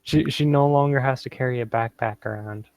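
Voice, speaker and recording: A man's voice: mid-range voice, fairly quick, a little mellow, dry recording, lo-fi sound. A young man playing a character in a tabletop game, hesitant and repeating words as he describes what she does. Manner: hesitant, repeats words, narrates his character in third person. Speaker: player.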